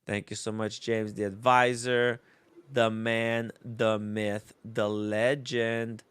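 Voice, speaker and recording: A man's voice: fairly low pitch, little pitch movement, slow, fairly bright tone, clean tone, dry recording, clean studio sound. A man hosting a casual livestream chat about watches, easygoing, reading out viewer messages. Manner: laid-back, reads out viewer messages. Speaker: host.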